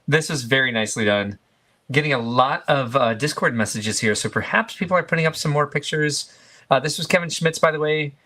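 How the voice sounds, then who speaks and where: A man with a bright, forward voice chats casually on a live stream. He rambles and fills pauses with "uh" and "um" as he goes through pictures. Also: on the high side. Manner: rambling, filler-heavy, easygoing. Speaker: stream co-host.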